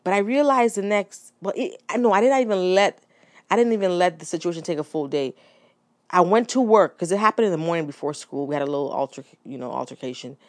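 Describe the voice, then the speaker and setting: A woman in her thirties talks through a personal story on her podcast, candid and reflective, doubling back with restarts and little asides. Her voice sits low, and the recording is close and dry, with no room sound. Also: quick pace, dry recording. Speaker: podcast host.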